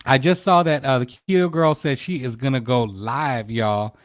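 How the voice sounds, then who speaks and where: A relaxed male host chats on a livestream, laughing easily. His voice sits mid-range and sounds dry and close, with no room echo. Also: mid-range voice, normal speed. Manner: laid-back, chatty, laughs often. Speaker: talk show host. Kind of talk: casual livestream interview.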